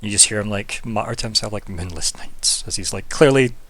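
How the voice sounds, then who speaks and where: A man's voice: lowish voice, fairly even intonation, fast, a bit bright. Guy gm-ing a tabletop game, casual rambly narration, lots of ums and laughs. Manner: laughing often, loose chatty narration with many fillers. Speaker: game master.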